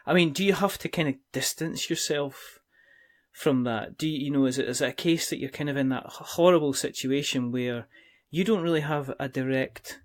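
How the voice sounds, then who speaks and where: A man's voice: on the high side, moderate pace. A man hosts a podcast and puts long, meandering questions to his guest. He hedges constantly with "kind of" and "you know" as he works toward each point. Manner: rambling questions with many "kind of" fillers. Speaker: podcast host. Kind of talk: podcast interview, asking questions.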